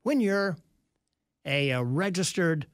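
A man's voice: on the high side, lively intonation, takes it slowly, dry recording, studio quality. A man hosting a call-in radio show, reading listener texts aloud and adding sarcastic asides. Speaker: radio talk show host.

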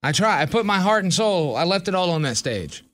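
A man's voice: sits high, big pitch swings, fairly quick, fairly bright tone. A man hosting a morning radio show, teasing his co-hosts in joking banter. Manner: wisecracking, teasing.

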